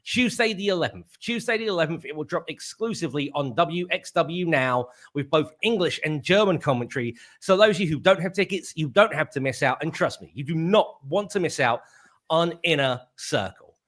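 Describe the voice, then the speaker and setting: An upbeat man hosts a casual preview chat over a video call. His voice is bright and forceful, and it sits a little high. He talks in a chatty, easygoing way. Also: lively intonation. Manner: upbeat, chatty, quick to laugh. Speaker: host.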